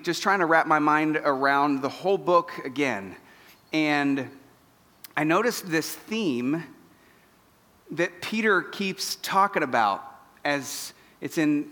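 Male pastor, sermon, self-deprecating and emotional, slightly high voice, echoing church hall. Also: bright, forceful tone. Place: church auditorium. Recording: long church hall reverb.

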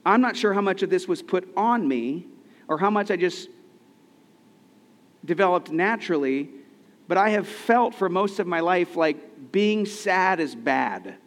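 A pastor in his thirties preaches a sermon in a conversational, earnest way, putting questions to his listeners. His voice sits high and sounds animated, though he speaks a little slowly. The recording carries a long hall reverb.

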